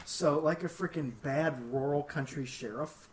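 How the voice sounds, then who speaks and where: A man from the Pittsburgh area, casually telling a long story on a podcast, animated and swearing freely. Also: a little high, a little slow, far from the mic, a little hiss or hum. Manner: animated, swears freely, acts out quotes in raised voices.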